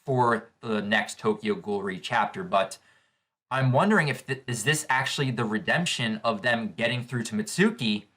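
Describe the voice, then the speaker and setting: A man hosting a casual live reaction to a manga chapter, gushing with excitable exclamations as he reads along. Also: mid-range voice, moderate pace. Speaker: manga reaction channel host.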